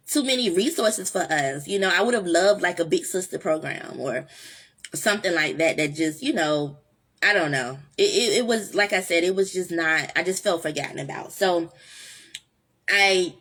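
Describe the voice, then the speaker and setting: A woman's voice: lowish voice, a bit bright, slightly rough. A woman hosting her own vlog, talking in an earnest, rambling way with lots of fillers and restarts. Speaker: vlog host. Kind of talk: casual heartfelt monologue.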